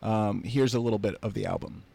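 A man's voice: on the low side, huge pitch swings, a little fast, vocal fry, dark tone. A man hosting a podcast in a studio, chatting casually and introducing his guests. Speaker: podcast host. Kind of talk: casual chat. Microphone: studio mic.

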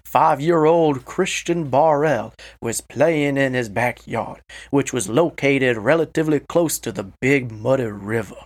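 A man on a casual podcast, telling a story with crude jokes and reading passages aloud slowly. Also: medium pitch.

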